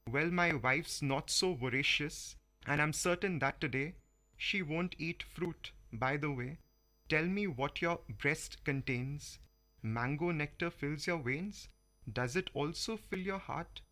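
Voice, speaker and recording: A man from India hosting a community radio show, reading a comic animal poem aloud with slow, measured delivery. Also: a little high, sharp tone. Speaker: radio host. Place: radio studio.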